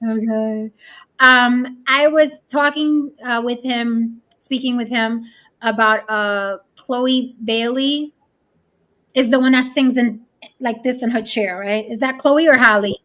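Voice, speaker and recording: Bright-voiced blunt woman host. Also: on the high side, slow pace. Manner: blunt, profane, animated storytelling. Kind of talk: casual podcast chat.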